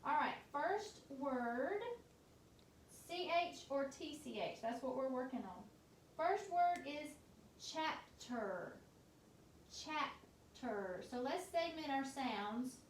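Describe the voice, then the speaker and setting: A woman teacher leading a phonics dictation lesson, sounding out each word letter by letter in a slow, deliberate way. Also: high-pitched, animated, far from the mic. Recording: echoey room, voice off-mic, faint noise.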